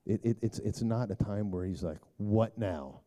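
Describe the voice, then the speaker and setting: A man preaching a casual sermon, telling a story in a loose, conversational way with lots of fillers and throat clearing. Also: lowish voice, steady tone, brisk, mellow.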